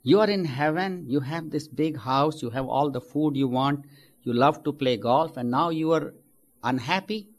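A man's voice: on the high side, normal speed, close to an everyday voice. A man voicing an old wife who scolds her unhappy husband with disbelieving questions. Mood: incredulous. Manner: incredulous, questioning.

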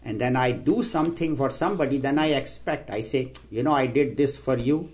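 A man giving a spiritual talk, explaining scripture terms and telling stories, acting out the quoted voices with raised pitch. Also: fairly quick, a little mellow. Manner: storytelling, acts out quoted voices with rising pitch. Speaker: spiritual teacher. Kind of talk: sermon with stories and jokes.

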